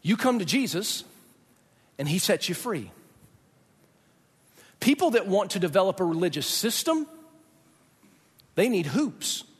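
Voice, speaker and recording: High-voiced man preaching in a reverberant hall. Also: big pitch swings, slightly rough. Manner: emphatic, conversational preaching with dramatic pauses. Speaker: pastor. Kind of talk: sermon.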